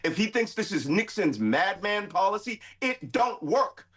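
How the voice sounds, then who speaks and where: A man's voice: sits high, very animated, measured pace. A middle-aged man, a guest commentator arguing emphatically in a heated debate. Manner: emphatic, forceful.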